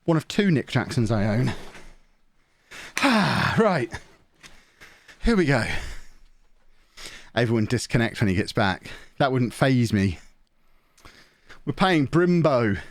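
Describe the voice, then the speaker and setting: A man's voice: mid-range voice, expressive, normal speed. Chatty man streaming a game. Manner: chatty, rambling, talks straight to viewers. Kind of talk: casual live-stream chat while gaming. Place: small home office. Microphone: desk mic close to the mouth.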